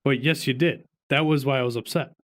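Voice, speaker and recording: A man's voice: mid-range voice, fairly even intonation, a little fast, a bit bright. A man hosting a podcast in casual chat, teasing and arguing with his co-hosts. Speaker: podcast host.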